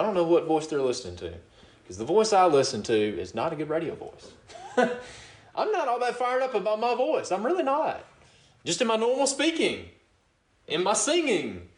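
Preaching with an easygoing, chatty delivery, this middle-aged man often laughs softly and throws in "you know what?" as a pastor would. His voice is fairly high, and the recording is reverberant.

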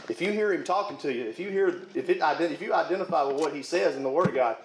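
Man, preacher, fervent sermon, chuckles between points, high voice, echoey church. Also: fast talker, slight background noise. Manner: fervent, rising to shouts at peaks.

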